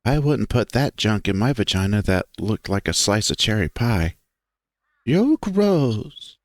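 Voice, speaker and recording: A man's voice: lowish voice, very animated, a little slow, dry recording, studio quality. A man voicing a dopey, childish young woman who puts on a snooty air, reading a furry visual novel aloud. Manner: whiny, childlike, sing-song.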